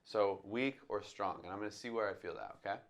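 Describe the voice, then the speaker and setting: A man's voice: fairly low pitch, a little fast, loud music behind the voice. Man teaching jazz drum transcription. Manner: talks through his thinking, sings drum sounds aloud. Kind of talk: casual instructional talk.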